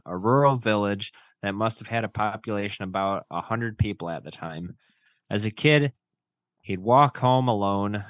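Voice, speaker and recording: Laid-back low-voiced male podcast host. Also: no echo. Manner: relaxed, joking, swears casually. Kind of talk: casual podcast chat and reading stories.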